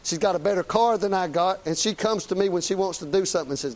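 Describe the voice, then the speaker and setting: A man's voice: sits high, fast talker, darkish tone. A middle-aged man, preaching a folksy, plain-spoken, emphatic sermon. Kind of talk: conversational sermon.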